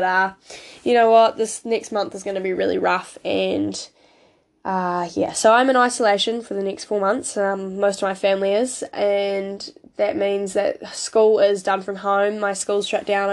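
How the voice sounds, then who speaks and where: A teenage woman hosting a casual solo podcast. Her voice is rough from crying, and she rambles and apologises, with many ums. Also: medium pitch. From New Zealand. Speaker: podcast host.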